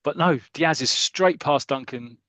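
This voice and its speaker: A man's voice: a little high, unhurried, fairly bright tone, no room sound. A British man co-hosting a podcast, casually retelling a football comic story, acting out the characters and calling the action like live commentary. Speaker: podcast co-host.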